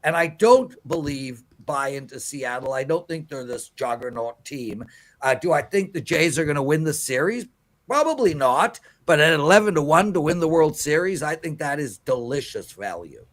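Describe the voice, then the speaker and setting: Guy on a live betting show, kinda high voice, preachy and emphatic. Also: expressive, normal speed, fairly bright tone. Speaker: sports betting analyst.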